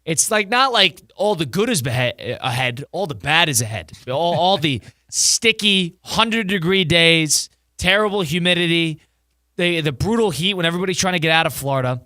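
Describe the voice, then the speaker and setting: A man's voice: fairly high pitch, normal speed, no echo, studio quality. A man from the Northeast US co-hosting a sports radio show, chatting and reading a live ad with lots of energy. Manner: energetic, talkative, jokey. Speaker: radio co-host. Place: radio studio. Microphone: studio mic.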